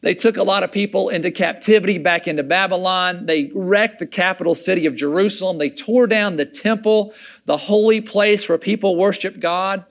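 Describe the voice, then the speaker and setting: A man preaching a sermon in a conversational, animated way, often restarting his words. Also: high-pitched, moderate pace, gravelly. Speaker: pastor.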